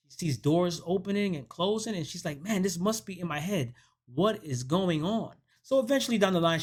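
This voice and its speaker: A man who hosts a movie review channel, giving a casual recap of a horror film and acting out the characters' lines as he goes. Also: a little high. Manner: animated storytelling that acts out quoted dialogue.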